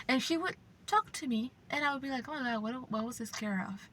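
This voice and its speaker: Bright-voiced young woman rambling casually. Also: on the high side, fast, no echo. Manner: rambling, profane, effusive, slips into whispers. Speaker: channel host. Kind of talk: casual chat.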